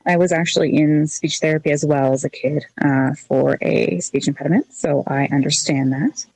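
Low, mellow woman interviewing. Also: fairly even intonation, moderate pace, slightly rough, no echo. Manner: encouraging, with frequent affirmations. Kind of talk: casual interview.

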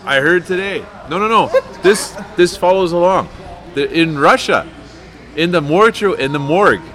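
A Canadian man co-hosting a casual live chat show from a sports bar, teasing with dark humor. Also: high-pitched, expressive, normal speed. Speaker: podcast co-host.

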